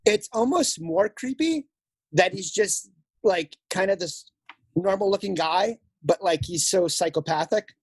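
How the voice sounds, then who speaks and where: A man's voice: high voice, unhurried, husky, dry recording. A man chatting casually on a podcast, enthusiastic and acting out what people say. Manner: enthusiastic, lively, mimics people. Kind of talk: casual chat.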